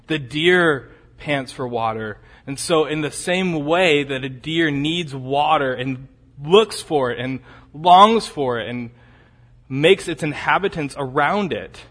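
Guy preaching a sermon, kinda high voice, gets loud and urgent then drops real quiet, repeats stuff for emphasis. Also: lively intonation, slow, long reverb tail. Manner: repeats key phrases for emphasis. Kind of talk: expository sermon.

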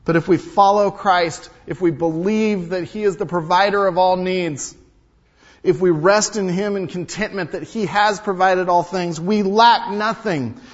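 A male pastor preaching a sermon, emphatic, repeating key lines and swinging between loud and hushed delivery. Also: high voice, fairly even intonation, moderate pace. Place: large hall or sanctuary. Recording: dull sound with long hall reverb.

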